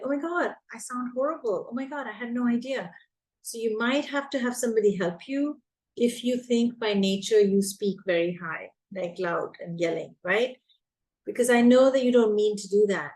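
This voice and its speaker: A woman's voice: medium pitch, a little mellow, poor audio. Woman giving teachers advice, emphatic, says the main points twice. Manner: emphatic, repeats key points. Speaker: teacher coach.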